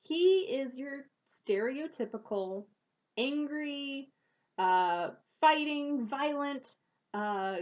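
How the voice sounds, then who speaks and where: A woman reviewing a children's book for parents, speaking in a thoughtful, measured way with pauses and fillers. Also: high-pitched, lively intonation, dull audio.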